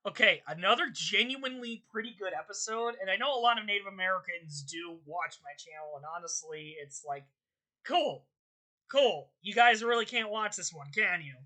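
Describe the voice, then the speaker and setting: A woman's voice: lively intonation, brisk, few pauses, pushed and bright. Exasperated swearing young woman ranting. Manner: exasperated, swearing, rants with high-pitched outbursts. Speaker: channel host. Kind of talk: casual ranting commentary.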